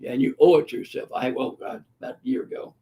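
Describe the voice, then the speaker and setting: A man's voice: on the high side, very animated, fast talker, dark tone. An older man, a physician answering viewer questions in a live webinar, talking bluntly and profanely with heated emphasis. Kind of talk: unscripted webinar Q&A.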